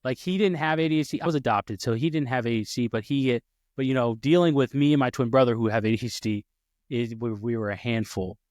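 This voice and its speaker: A man's voice: medium pitch, fast talker, no echo, studio quality. A man co-hosting a podcast who tells a story in casual chat, acting out the voices of other people and stopping to restart his sentences. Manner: animated, acts out quoted voices, many restarts. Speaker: podcast co-host.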